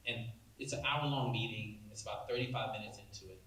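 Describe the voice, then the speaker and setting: This keynote speaker, a man in his forties known nationally for prison reform work, talks a little fast in a lowish voice. He tells a personal story with animated, acted-out dialogue and many "like"s, recorded from afar in a roomy hall with faint hiss.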